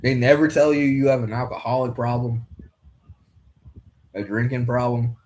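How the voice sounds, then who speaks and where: A man's voice: mid-range voice, little pitch movement, moderate pace, darkish tone. A young man hosting a casual fight commentary, rambling loosely and swearing now and then. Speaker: podcast host commentating a fight card.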